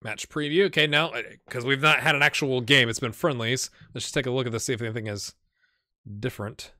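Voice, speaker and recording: Chatty man streaming a game, bright voice. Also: mid-range voice, steady tone, quick pace, no room sound, studio quality. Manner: chatty, talks to himself while playing. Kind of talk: casual live-stream commentary.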